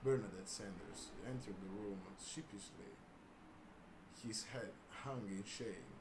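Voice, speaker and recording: Male reader, lowish voice, jokey asides, echoey home room. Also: slow pace. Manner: laughs and breaks off with asides. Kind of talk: comedic reading of a crude story. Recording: roomy room with faint hiss.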